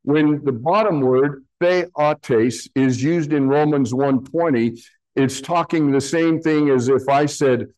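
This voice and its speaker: A pastor teaches a sermon, slowly and patiently explaining Greek words from slides. His male voice is a little high and a little mellow, and the audio quality is poor.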